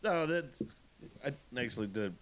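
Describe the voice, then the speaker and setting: A man hosting a podcast, telling a story in a profane, animated, ranting way. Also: mid-range voice, normal speed. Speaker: podcast host. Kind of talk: casual podcast chat.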